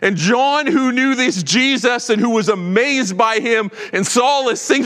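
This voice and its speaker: A man preaching a sermon with animated delivery, swinging from loud proclamation to hushed tones. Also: sits high, unhurried, hardly any pauses, big-room sound. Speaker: pastor.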